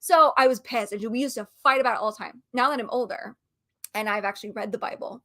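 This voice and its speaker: A woman co-hosting a casual chat, talking in an animated, ranting way and laughing often. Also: medium pitch, fast talker. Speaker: co-host.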